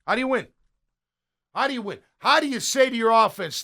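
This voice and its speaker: Man, middle-aged, high-pitched, excitable, blunt, casual film breakdown, sports show host. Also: moderate pace. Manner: excitable, blunt and conversational, swinging between loud praise and muttered asides. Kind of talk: casual play-by-play film review.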